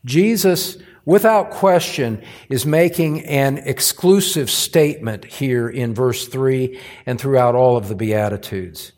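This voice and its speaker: With a darkish, mid-range voice, a man delivers a church sermon as pastor. He is earnest and emphatic, using deliberate phrasing that presses every point firmly.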